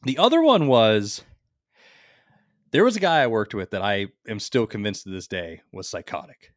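A man co-hosting a podcast, telling rambling, animated anecdotes in casual chat. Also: fairly low pitch, moderate pace, dry recording, studio quality. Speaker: podcast co-host.

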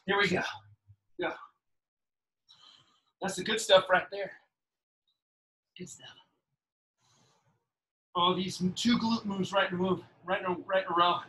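A man's voice: high-pitched, steady tone, normal speed, long pauses, pushed and bright. A man coaching a live workout class, giving upbeat, encouraging cues and counting down reps while exercising along. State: slightly out of breath while exercising. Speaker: fitness instructor.

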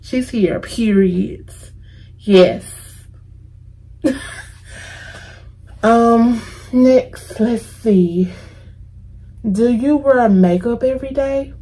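A woman's voice: on the high side, very slow, pauses often, dark tone, breathy edge, poor audio. A woman with an American accent answering viewer questions in a casual, chatty, playful vlog. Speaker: vlogger.

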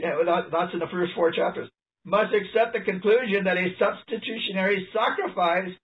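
A man preaching an animated, emphatic sermon, reading passages aloud and laughing often. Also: high voice, gravelly. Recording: distant mic, dull lo-fi sound.

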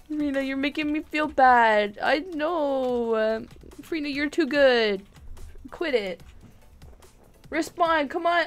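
A woman livestreaming a game, chatting to friends in the game in an excitable, giggly way, often shouting their names and apologizing. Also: high voice, a little slow. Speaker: gaming livestreamer. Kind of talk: live gameplay chatter.

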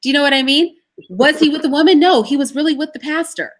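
Guest voice: a woman with a slightly high pitch who tells stories with animated emphasis. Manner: emphatic, animated storytelling with pauses. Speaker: interview guest. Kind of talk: livestream interview answers.

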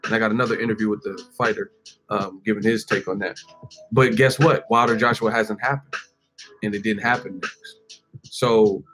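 A man's voice: mid-range voice, fairly bright tone. A man in his forties, host of a boxing channel, ranting casually to camera with jokes and laughter. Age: 40s. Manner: joking, acts out quoted voices, laughs often.

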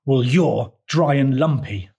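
A man's voice: medium pitch, slow pace, vocal fry, a little mellow, lo-fi sound. A man voicing a proud, bragging toad in a picture-book read-aloud, speaking in a blustering, boastful way. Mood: bickering.

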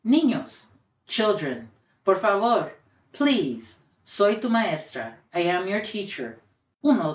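A woman reading a children's picture book aloud in a gentle, expressive storytelling way, lifting her voice for the quoted lines. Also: fairly low pitch. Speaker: storybook reader and educator. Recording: roomy echo, voice a bit far from mic.

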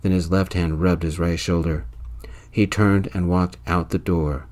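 Deep voiced guy softly telling a story, calm, whispered role-play. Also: a little slow. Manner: soft-spoken, calm.

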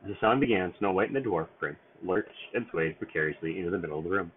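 A man's voice: low-pitched, quick pace, breathy edge. A man reading a storybook aloud at bedtime in a sing-song read-aloud manner, with small stumbles, over a tinny phone-like line.

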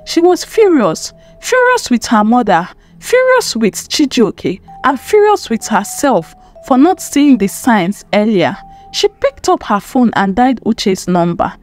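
A woman narrating a dramatic story in an expressive, emphatic way. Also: on the high side, unhurried. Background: faint music.

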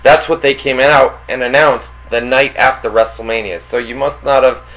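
A man's voice: medium pitch, fairly even intonation, normal speed, fairly bright tone, low-quality recording. A man co-hosting a casual wrestling talk show, chatting loosely and repeating himself. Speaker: co-host. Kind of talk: casual podcast banter.

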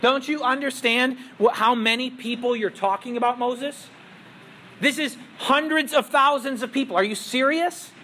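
A man's voice: very high-pitched, normal speed, bright, forceful tone, slight background noise. A man voicing a scornful, sarcastic king who mocks the people pleading before him with incredulous questions. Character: sarcastic, scornful male king mocking his petitioners.

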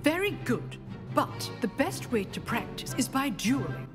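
An actress playing a strict female dueling professor, crisp and commanding. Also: sits high, sing-song, unhurried, over music. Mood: stern.

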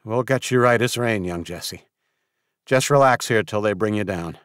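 Man doing a gentle old grandpa, low, reassuring, slightly lifted. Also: moderate pace, smooth, no echo, studio quality, lightly acted. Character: kindly protective old grandfather.

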